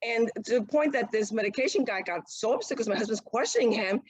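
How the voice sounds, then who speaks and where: A woman's voice: a little high, fast, slightly rough, no echo, rough recording. A middle-aged woman, a guest mother, telling her story in a casual interview and acting out what others said. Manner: animated, acts out quoted speech. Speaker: guest, mother of an autistic son.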